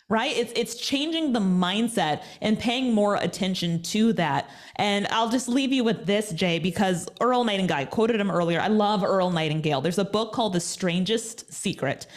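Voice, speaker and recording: A woman guest in an interview, talking in an energetic, emphatic, motivational way. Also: mid-range voice, normal speed, few pauses. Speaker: guest, media personality. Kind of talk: conversational interview.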